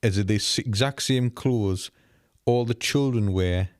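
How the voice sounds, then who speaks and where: A man's voice: fairly low pitch, measured pace. A man co-hosting a movie podcast, explaining points at length in casual chat. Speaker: podcast co-host.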